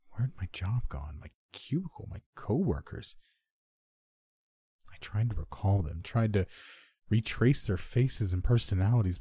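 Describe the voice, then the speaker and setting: A man narrates a horror story in a low, husky voice, keeping it measured and subdued. His tone is dark and mellow, and the sound is close and dry. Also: no room sound. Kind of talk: scripted first-person horror narration.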